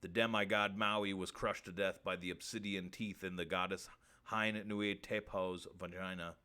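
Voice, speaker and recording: A man hosting a crude comedy stream show, reading odd facts and pleading with viewers in a deadpan way. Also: deep voice, normal speed, clean tone. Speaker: host.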